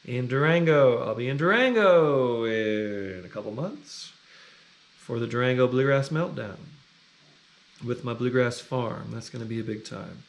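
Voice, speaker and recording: Gravelly, unhurried man hosting a livestream; relaxed, reads out viewer greetings. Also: medium pitch. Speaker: livestream music host. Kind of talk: casual chat reading viewer comments.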